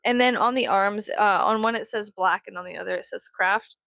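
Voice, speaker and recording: A woman's voice: medium pitch, fairly quick, creaky, fairly bright tone, dry recording. Rambling, swearing young woman vlogger. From South Texas. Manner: rambling, swears freely, lots of fillers. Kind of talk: casual rambling chat.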